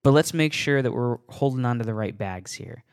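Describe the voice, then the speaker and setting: A man's voice: mid-range voice, brisk, smooth. A man hosting a solo podcast about faith, talking casually and earnestly, often chuckling and restarting his words. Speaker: podcast host.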